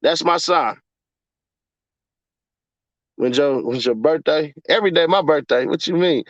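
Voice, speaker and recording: A young man chatting casually on a livestream and reading his chat aloud, cursing, laughing often, and jumping from mumbling to yelling. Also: fairly high pitch, a little slow, long pauses, no room sound. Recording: dull lo-fi dry sound.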